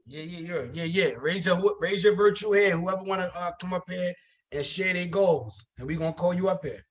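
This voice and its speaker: High-voiced, easygoing co-host man. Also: moderate pace. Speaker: webinar co-host. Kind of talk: casual live-call moderating. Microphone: video call.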